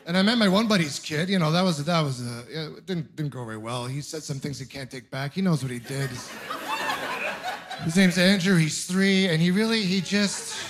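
A man in his thirties from Ontario doing a stand-up comedy set, telling stories with animated, acted-out voices. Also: on the high side, moderate pace. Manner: animated storytelling, acting out voices. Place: comedy club stage with audience.

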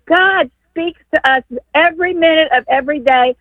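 An older woman calling in to a radio show and telling a long personal story in an excited, rambling way. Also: high-pitched, moderate pace, no room sound. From Texas. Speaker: caller. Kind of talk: call-in radio talk. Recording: tinny phone line.

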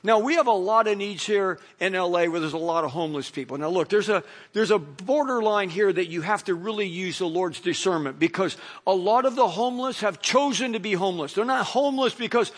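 A man's voice: high voice, expressive, a little fast, hardly any pauses. A middle-aged man, a pastor, preaching a sermon in a conversational way, full of "you know" fillers. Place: church in Los Angeles.

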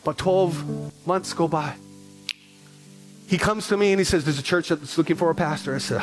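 Middle-aged male pastor, sermon delivery, acts out conversations, repetitive emphasis, soft music under. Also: on the high side, fairly even intonation, moderate pace. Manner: storytelling, acts out dialogue, repeats phrases for emphasis.

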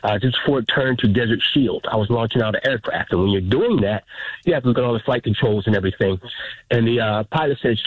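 A middle-aged man phones in to a radio show. He tells his story in a husky, halting voice that keeps repeating itself, and the tinny, dry phone line flattens his words. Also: medium pitch, no room sound. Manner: halting, choked up, repeats himself. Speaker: caller. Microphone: telephone.

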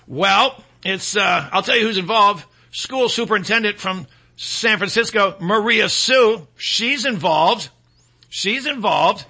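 A man's voice: high-pitched, expressive, unhurried, sharp tone. A male talk radio host delivering a sarcastic, rambling opinion monologue full of fillers.

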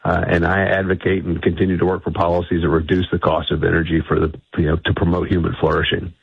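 A man speaking as a guest in a radio interview by phone, assertive and quick, often restarting his sentences. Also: sits low, flat delivery, creaky, slightly rough, no echo. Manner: assertive, talks fast with frequent restarts. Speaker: guest, energy think tank executive. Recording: tinny dry phone line.

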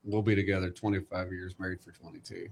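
Middle-aged man, podcast host, low and flat delivery, preacherly tone. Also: fast, gravelly, a little hiss or hum. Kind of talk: faith-centered casual chat.

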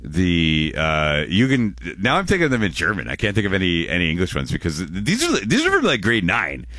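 A man's voice: low-pitched, big pitch swings, fairly quick, pushed and bright, no echo, studio quality. A Canadian man in his forties hosting a radio show in casual chat, rambling and restarting his words, often chuckling.

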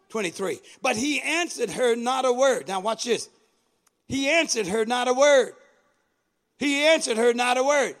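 A male preacher with a very high-pitched, bright, forceful voice. He delivers a fervent sermon, calling out to the congregation and peppering his words with amens. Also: moderate pace. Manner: fervent, call-and-response exhortation with frequent amens.

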